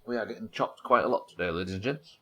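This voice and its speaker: A man's voice: lowish voice, quick pace, a bit bright. A man from the UK streaming a video game live, rambling, swearing and chatting with his viewers as he plays. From United Kingdom.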